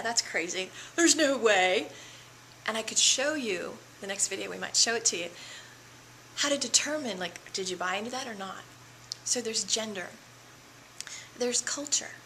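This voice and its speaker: Bright-voiced chatty woman mentor. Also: fairly high pitch, a little hiss or hum, poor audio. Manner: chatty, animated, drops into asides and voiced inner thoughts. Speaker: business mentor. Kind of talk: teaching video for entrepreneurs.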